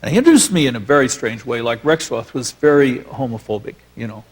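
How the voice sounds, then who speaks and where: A man's voice: mid-range voice, expressive, fast, breathy edge. A man, a filmmaker guest, reminiscing onstage in a rambling, filler-laden storytelling way.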